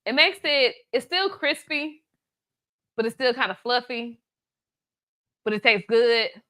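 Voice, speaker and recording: A woman's voice: on the high side, expressive, slow pace, fairly bright tone. A woman from Atlanta, hosting a live cooking demo in a chatty, playful way, teasing her viewers. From Atlanta, USA. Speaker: cooking show host, baker.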